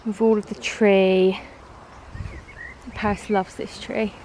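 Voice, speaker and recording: A young woman, chatting casually in a vlog, gushing and excitable at times, quieter and subdued at others. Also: medium pitch, takes it slowly, a little hiss or hum, rough recording. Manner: gushing, breathy and excitable, then hushed and subdued. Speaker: vlogger.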